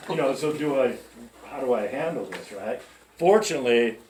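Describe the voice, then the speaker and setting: A man with a mid-range, darkish voice and lively intonation speaks at normal speed to new employees in a large music store. His pep talk runs on chatty stories, and he checks in with the group now and then. Heard from a distance, the echoey recording carries a little hiss or hum.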